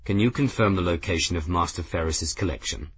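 A man's voice: deep voice, a little fast, slight background noise, voice pushed down, lightly acted. A male narrator voicing a stern airship captain who gives authoritative, clipped orders, in an audiobook reading. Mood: formal.

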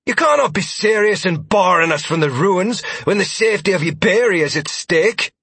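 A man's voice: sits high, expressive, moderate pace, fairly bright tone, slightly rough, dry recording, voice pushed up, exaggerated voice. A man voicing an angry, red-faced male noble who barks out his outrage. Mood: outraged. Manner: barking, outraged.

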